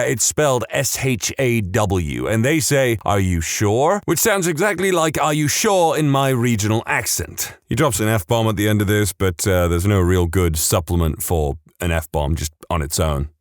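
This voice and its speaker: Male podcast host reading posts, mid pitch, wry asides, dead-dry booth sound. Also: no echo. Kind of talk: reading online posts with commentary.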